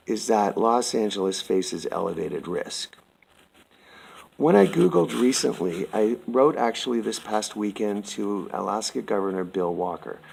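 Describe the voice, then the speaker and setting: A man from Canada reading a prepared statement aloud, slow, formal and earnest, addressing the listener as sir. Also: lowish voice, vocal fry, darkish tone, slightly rough, rough recording.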